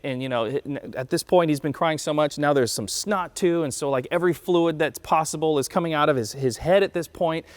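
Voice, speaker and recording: Guy preaching casual sermon, tells stories, does little voices, kinda high pitched, dry mic. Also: no echo. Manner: conversational storytelling, acts out quotes. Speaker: pastor. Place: church.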